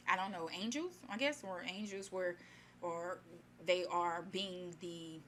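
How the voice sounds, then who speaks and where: A woman retelling a fairy tale in her own casual words, chatty and animated, with many fillers and asides. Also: on the low side, slight background noise. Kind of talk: casual spoken retelling of a story.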